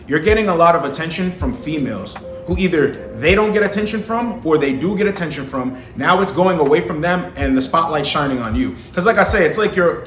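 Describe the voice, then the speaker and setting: Talking to camera about dating, a young man offers advice to other men in a slangy, profane, casual style, repeatedly asking whether they understand. His voice is a little high and a bit bright, recorded in an echoey room with faint music behind him.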